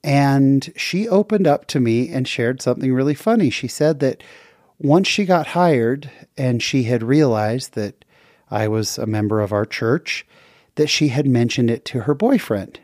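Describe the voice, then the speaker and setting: A man from the western United States hosting a podcast, earnestly retelling a faith story with lively jumps in pitch. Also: a little slow, no echo, studio quality. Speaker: podcast host.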